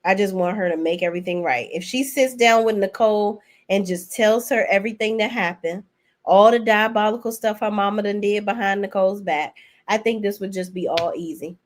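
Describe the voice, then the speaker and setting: A woman's voice: mid-range voice, fairly quick. A woman giving a casual, blunt and profane recap of TV episodes, chatting straight to her viewers. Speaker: TV show reviewer.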